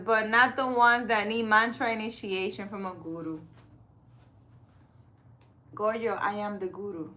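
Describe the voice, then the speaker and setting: A woman's voice: fairly high pitch, bright, forceful tone. A woman running a casual live stream, reading cards and chatting with viewers by name, laughing often. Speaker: live-stream card reader.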